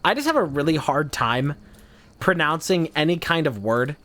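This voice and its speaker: A man streaming a game, rambling and swearing casually as he thinks out loud. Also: fairly high pitch, very animated, normal speed. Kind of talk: casual gameplay commentary.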